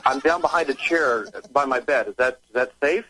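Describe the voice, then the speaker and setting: A man's voice: mid-range voice, moderate pace, sharp tone, slightly rough, no room sound. A man on a phone call, hesitant and rattled, stammering as he answers. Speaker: prank call victim.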